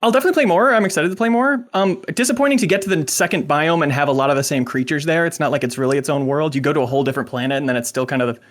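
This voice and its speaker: A man's voice: a little high, rapid-fire, few pauses. Easygoing man on a games panel. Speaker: podcast panelist. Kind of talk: casual roundtable chat.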